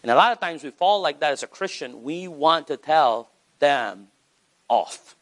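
A man preaching a sermon as pastor, animated, with wide swings in pitch for emphasis. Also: unhurried.

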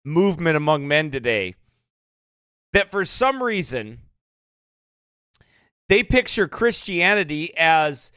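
Brief: male pastor, bright tense voice, swinging pitch, emphatic preaching with constant "right?". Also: big pitch swings, slow pace, long pauses, clean tone, no room sound, studio quality. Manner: emphatic, repeats tag questions. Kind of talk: sermon-style commentary.

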